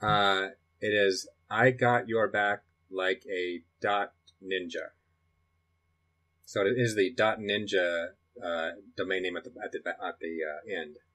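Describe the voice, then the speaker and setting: A man's voice: sits low, steady tone, slow pace, sharp tone. A middle-aged man walking through a computer setup at home, thinking aloud and rambling with restarts. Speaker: dad recording a computer tutorial. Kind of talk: casual screen-recording walkthrough. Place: home in Colorado.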